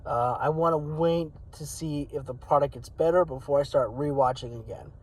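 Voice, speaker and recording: A man's voice: a little high, normal speed, a little mellow, rough recording. A man hosting his own channel, talking casually and rambling with many fillers, his voice cracking a little. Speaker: wrestling channel host. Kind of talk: casual talk to camera.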